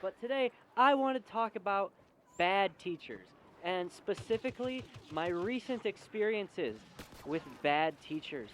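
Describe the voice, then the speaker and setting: Young male vlogger, high voice, sarcastic and animated, comedic rant with faint background noise. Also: unhurried. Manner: sarcastic, animated, jumps in pitch and loudness for emphasis. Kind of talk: casual comedic vlog rant.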